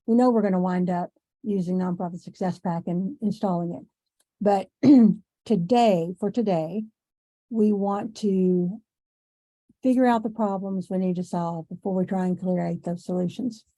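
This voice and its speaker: A middle-aged woman teaching an online class in a conversational way, repeating herself for emphasis and clearing her throat as she loses her voice. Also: fairly low pitch, unhurried, warm tone. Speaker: instructor.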